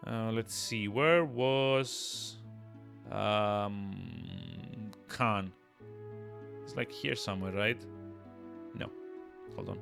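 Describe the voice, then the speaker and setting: A man streaming a game live, chatting excitably with frequent laughs and self-interruptions. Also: lowish voice, drawn-out words, gravelly, long pauses. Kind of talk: live let's-play commentary. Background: game music.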